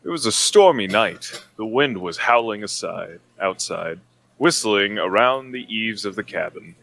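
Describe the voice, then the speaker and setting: A man on a comedy podcast reading fan fiction aloud in a deadpan dramatic narration. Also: lowish voice, measured pace, vocal fry, low-quality recording.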